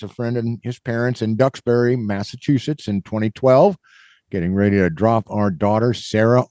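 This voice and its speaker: A man's voice: lowish voice, mellow, no room sound. Middle-aged guy from kansas telling a long rambly fishing story, dry close sound. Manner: rambling, full of fillers, acts out the people in his stories. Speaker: podcast host. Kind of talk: casual storytelling.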